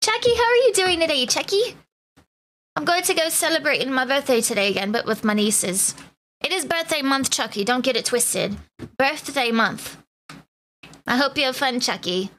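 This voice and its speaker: A woman's voice: high-pitched, lively intonation, moderate pace, bright, forceful tone, a little hiss or hum. A woman streamer chatting casually with her live viewers, greeting them by name in playful slang. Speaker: Twitch streamer.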